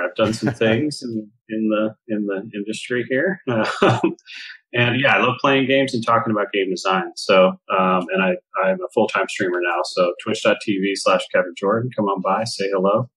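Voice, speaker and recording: A man's voice: lowish voice, normal speed, fairly bright tone, breathy edge, rough recording. A man who designs games, a guest on a podcast call, modest and hesitant with many ums. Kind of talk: casual interview chat. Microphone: call recording.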